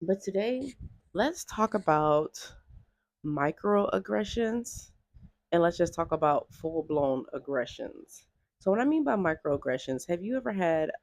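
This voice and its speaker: A woman's voice: low-pitched, no room sound. Chatty woman vlogger, dry close sound. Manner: chatty and animated, heavy use of "like". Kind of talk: casual commentary vlog.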